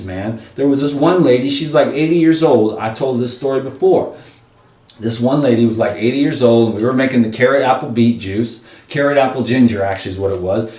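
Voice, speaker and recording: An impassioned man vlogs in a preachy, animated rant and speaks straight to his viewers. His voice sits at an ordinary pitch. He sounds a step back from the mic in a roomy, echoing space. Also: far from the mic. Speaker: vlogger.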